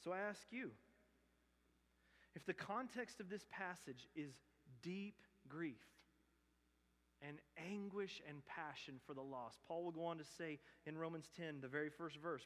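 A man's voice: fairly high pitch, a little slow. Impassioned male pastor in a reverberant church. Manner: impassioned, swings from loud emphatic to hushed earnest. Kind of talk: sermon. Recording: long hall reverb.

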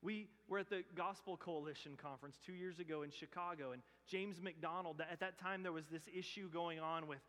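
A male pastor delivering an impassioned sermon in a church sanctuary. His voice sits a bit higher than most men's, swinging between loud emphatic bursts and hushed pleading. A long reverb trails every phrase. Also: steady tone, a little fast, few pauses.

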